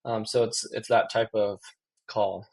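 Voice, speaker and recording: A man in real estate giving a casual screen-share tutorial, relaxed and full of fillers. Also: lowish voice, unhurried, poor audio. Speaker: real estate business owner.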